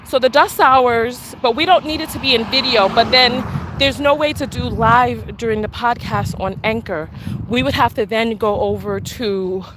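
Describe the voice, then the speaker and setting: A woman's voice: a little high, normal speed, background noise. A woman chatting on a live stream while out on a walk, out of breath and sassy, laughing as she talks back to her commenters. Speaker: vlogger and podcast host. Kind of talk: casual live-stream chat while walking. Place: outdoors on a walk. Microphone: handheld camera while walking.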